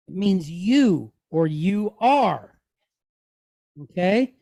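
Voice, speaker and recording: A woman's voice: mid-range voice, animated, slow, dark tone. A woman teaching a language lesson to a class, patiently spelling out sounds and quizzing her students with frequent "right?" checks. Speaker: Hebrew teacher.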